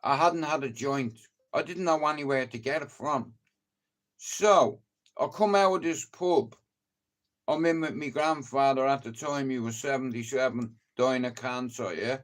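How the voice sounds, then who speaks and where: A man's voice: mid-range voice, unhurried. A middle-aged man from Ireland with a Dublin accent, telling rambling, profane stories to a live stream audience, full of "you know". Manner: rambling, profane, lots of 'you know'. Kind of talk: casual anecdotal storytelling.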